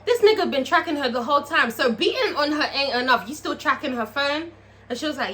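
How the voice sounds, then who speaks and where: A woman giving a casual, profane, animated recap of a TV episode and talking straight to her viewers. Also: high-pitched, brisk, slight background noise. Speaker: TV review vlogger.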